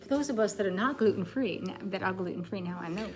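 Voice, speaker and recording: Putting on a fake Southern drawl, a female co-host teases her way through a lighthearted live cooking chat from a home kitchen, playing at gentility. She speaks quickly in a mid-range voice, over music.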